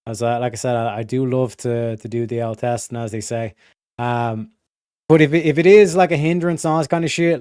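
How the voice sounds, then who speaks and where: A man's voice: a little high, darkish tone, clear, resonant tone, no room sound, studio quality. A man from Europe hosting a live stream, rambling, swearing a lot and reading chat messages aloud. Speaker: livestream host.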